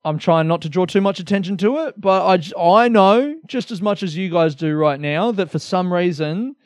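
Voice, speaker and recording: A man's voice: high voice, normal speed, dry recording, clean studio sound. A young Australian man hosting a solo comedy podcast, rambling energetically with lots of swearing and self-mockery.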